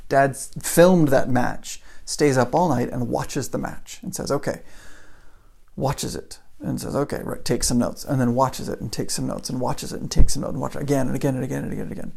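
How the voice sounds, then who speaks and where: A man's voice: medium pitch, fairly quick, vocal fry, few pauses, a little mellow, husky. A man giving a casual motivational talk, telling a story and building it up with repeated phrases. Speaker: motivational speaker.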